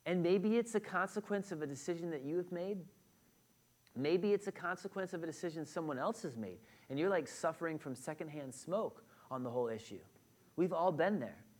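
A man preaching a sermon to a congregation, conversational and direct, often checking in with the room. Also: high-pitched. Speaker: pastor. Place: church hall with a congregation.

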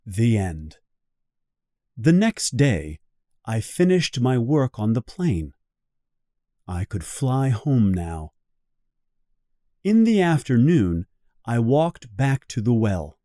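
A man reading a storybook aloud slowly and clearly for English learners. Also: medium pitch, big pitch swings, warm tone, no room sound, studio quality. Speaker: reader of a guided English reading. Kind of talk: slow storybook narration for learners.

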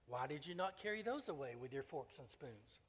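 A man reading as a gentle, merciful old bishop. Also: medium pitch, normal speed, husky, big-room sound. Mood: gently solemn. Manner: calm, kindly, solemn. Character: gentle elderly male bishop, merciful and solemn.

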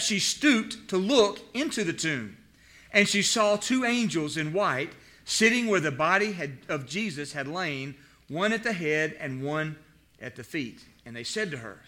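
High, bright-voiced preaching pastor man. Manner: preaching with rhetorical questions to the congregation. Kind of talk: sermon with scripture reading.

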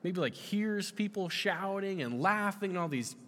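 A bright, lively male pastor in his thirties, swinging his pitch widely as he preaches and quizzes the congregation. His voice carries a long reverb through a large hall. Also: normal speed. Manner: animated, questioning the audience. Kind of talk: sermon.

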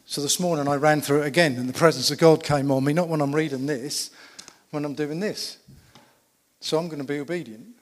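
Preacher, emphatic storyteller. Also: male voice, a little high, steady tone, fairly quick. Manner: emphatic storytelling with rhetorical questions. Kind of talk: sermon. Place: church. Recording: long reverb of a church hall.

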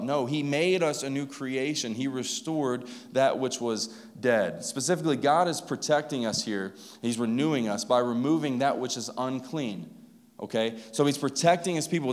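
A man preaching a sermon to his congregation in a casual, conversational way, with asides to the people in the pews. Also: mid-range voice. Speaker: pastor. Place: church sanctuary. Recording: long reverb of a church hall.

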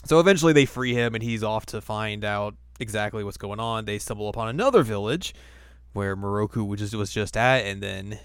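A man's voice: lowish voice, a little fast, clean tone, dry recording. A man co-hosting a podcast, recapping an episode in a chatty way and acting out the quotes. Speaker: podcast co-host.

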